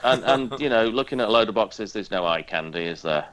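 A man's voice: fairly low pitch, animated, brisk, fairly bright tone. A man chatting casually as a podcast co-host, hesitant with many ums and a dry sense of humour. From northern England. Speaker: podcast co-host, airline pilot. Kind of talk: casual chat.

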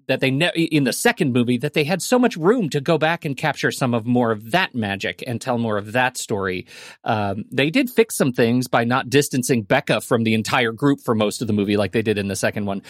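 A man's voice: mid-range voice, dry recording, clean studio sound. A man co-hosting a movie podcast, giving strong opinions and repeating words for emphasis. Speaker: podcast co-host. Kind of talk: casual movie review chat.

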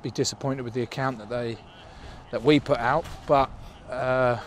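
A man's voice: medium pitch, fairly even intonation, moderate pace, a little hiss or hum. A man in a post-match interview, rambling and joking as he talks about getting back on the horse. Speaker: rugby player in interview clip.

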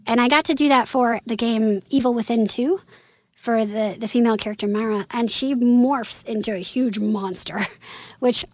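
A woman from Missouri in her thirties, a voice actress chatting in an interview, animated and quick with asides and laughter. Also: fairly high pitch, no room sound. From Missouri, USA. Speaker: voice actress guest. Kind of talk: casual interview chat.

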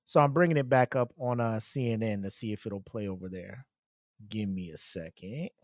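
A man's voice: lowish voice, moderate pace, no room sound, clean studio sound. A man hosting a podcast alone, talking casually and rambling, with lots of swearing, fillers and laughter. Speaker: podcast host. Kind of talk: casual solo podcast commentary.

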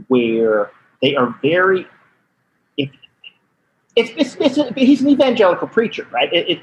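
Animated Canadian comedian on a phone line. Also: male voice, mid-range voice, a little hiss or hum. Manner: animated, laughing, slipping into voices. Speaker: comedian guest calling in. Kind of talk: anecdotal storytelling.

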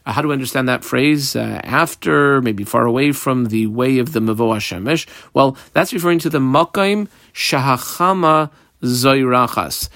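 A man of medium pitch giving a Talmud class, walking his listeners through the text line by line. He moves between English and Hebrew and Aramaic terms, pausing on fillers as he explains. The sound is dry and close. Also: fairly bright tone, dry recording. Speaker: Talmud teacher.

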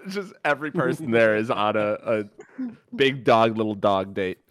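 A man on a podcast asking deadpan, teasing questions in casual chat. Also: lowish voice, moderate pace, dry recording, clean studio sound. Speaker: podcast co-host.

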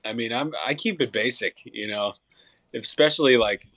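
A man's voice: mid-range voice, moderate pace, fairly bright tone, dry recording. A young man, a songwriter and musician, chatting casually as an interview guest, rambling with frequent restarts and fillers.

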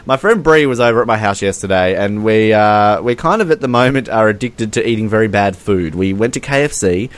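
A man's voice: fairly low pitch, lively intonation, a little fast, few pauses. Laughing, sarcastic man. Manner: laughs often, sarcastic, reads fan messages aloud mockingly. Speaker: podcast co-host. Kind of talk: casual chat.

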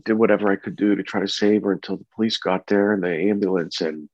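A man telling the story of his wife's death and caring for their baby, speaking in an earnest, halting, somber way. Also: sits low, fairly even intonation, no room sound. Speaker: bereaved husband and father telling his story. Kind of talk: personal testimony. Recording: dull, dry lo-fi recording.

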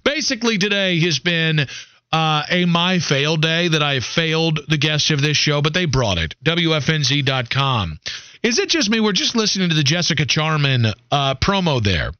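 A man's voice: a little high, expressive, normal speed, bright, forceful tone, clear, resonant tone, no echo, highs cut off. A man hosting a sports radio show in casual, joking banter, rambling and self-deprecating.

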